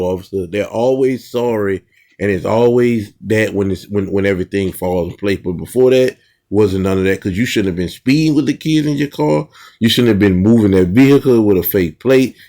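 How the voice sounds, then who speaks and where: A man's voice: lowish voice, moderate pace, darkish tone. A man commenting informally on bodycam footage, speaking emphatically in a conversational way. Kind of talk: casual commentary.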